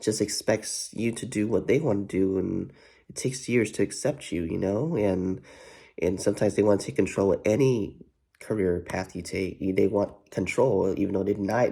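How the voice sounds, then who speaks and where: A man's voice: fairly low pitch, moderate pace, vocal fry, mellow, slightly rough. A man vlogging in a rambling, profane way, full of "you know what" fillers and repeats. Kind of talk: casual rambling commentary.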